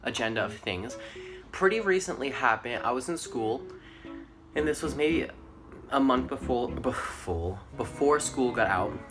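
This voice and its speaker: A man's voice: mid-range voice, expressive, measured pace, over music. A teenage boy telling school stories to his channel in a rambling, casual way, full of "like" and "um". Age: teens. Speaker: vlogger. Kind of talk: casual storytelling to camera.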